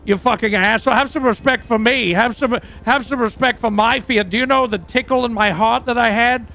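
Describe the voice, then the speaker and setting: A man's voice: extremely high pitch, a little fast, vocal fry, bright, forceful tone, full character voice. A man playing a crude, boastful aging rock singer who tells rambling, profane stories in a role-play livestream.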